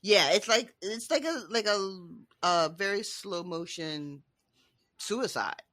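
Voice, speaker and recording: A man co-hosting a podcast who recaps the story in easy, casual chat and swears freely. His voice is bright and close to the mic, in a dry room. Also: high-pitched, animated, slow pace, dry recording. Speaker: podcast co-host.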